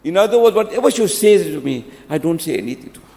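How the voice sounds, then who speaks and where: A man's voice: a little high, very animated, quick pace, vocal fry, warm tone. A man giving a wedding sermon with anecdotes and a closing prayer, exhorting and repeating his key phrases, mixing in Urdu and Arabic words. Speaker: speaker giving a talk at a nikah ceremony. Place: mosque hall. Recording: long mosque reverb.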